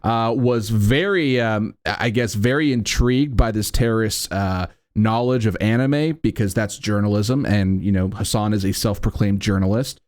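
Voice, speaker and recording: Hosting a reaction commentary, this man speaks in a lowish, slightly mellow voice at a moderate pace with few pauses. His tone is sarcastic and disbelieving, and he keeps dropping "right?" and "like" between his points.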